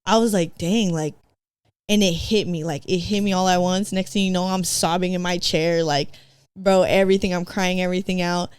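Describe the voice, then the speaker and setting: A woman's voice: fairly low pitch, fairly even intonation, normal speed, clear, resonant tone, no echo. A woman from San Diego, a podcast guest, telling her own story in a slangy, casual way that is full of "like" and "bro". She acts out her past self and slips in Spanish phrases. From San Diego, California.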